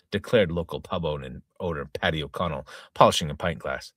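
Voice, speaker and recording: A man's voice: very deep voice, a little fast, fairly bright tone, no echo, clean studio sound. A middle-aged man hosting a casual reading podcast, reading a comic news-style story aloud in a mock-dramatic newsreader tone, stumbling and restarting over words. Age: 40s to 50s. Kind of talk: casual read-aloud with tongue-in-cheek news delivery.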